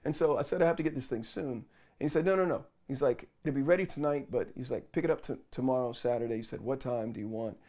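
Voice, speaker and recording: A man's voice: mid-range voice, fast talker. A man vlogging, casually retelling a frustrating story with lots of quoted back-and-forth. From New York. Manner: animated retelling with quoted dialogue.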